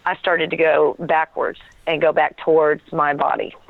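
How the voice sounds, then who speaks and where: Woman guest, lively storyteller who acts out dialogue, heard over a thin phone line. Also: sits low, normal speed, gravelly, dry recording. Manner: animated storytelling with laughs and acted quotes. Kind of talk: telling a personal story.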